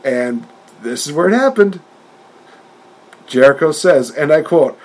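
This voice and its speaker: A man co-hosting a wrestling podcast in casual chat, talking with animated energy, laughing often and acting out quotes in a raised voice. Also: fairly high pitch, unhurried, long pauses, low-quality recording. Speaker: podcast co-host.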